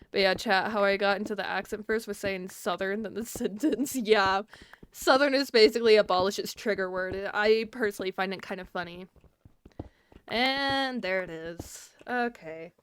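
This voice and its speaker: A woman's voice: medium pitch, clear, resonant tone. A woman streaming live, chatting casually and scatteredly with her chat and laughing often.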